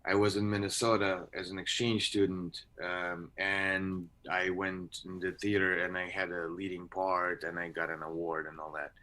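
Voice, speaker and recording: Middle-aged male actor from Belarus, lowish voice, thoughtful and hesitant, casual interview over a video call. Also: fairly bright tone. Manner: thoughtful, with hesitant restarts and fillers. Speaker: voice and screen actor, guest. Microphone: home microphone on a video call.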